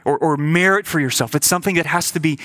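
A man's voice: on the high side, fast talker, a bit bright. A man preaching a sermon as a pastor, earnest and questioning, often repeating words as he stresses a point.

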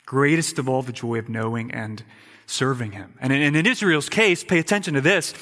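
A man preaching a sermon in an emphatic way, repeating words and dropping to quiet asides. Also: mid-range voice, animated, brisk, long reverb tail. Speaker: pastor.

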